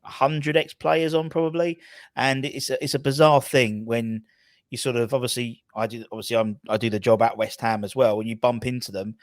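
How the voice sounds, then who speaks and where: A man's voice: mid-range voice, fairly even intonation, a little fast, dry recording. A man in his early forties hosting a casual podcast, mostly nodding along with short replies and sometimes adding a musing remark. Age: early 40s. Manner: supportive, brief interjections. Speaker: podcast host.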